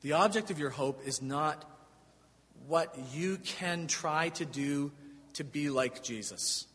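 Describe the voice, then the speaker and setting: A man's voice: a little high, slow pace, fairly bright tone. A man preaching a sermon as pastor, emphatic and conversational, asking the congregation rhetorical questions. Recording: long hall reverb.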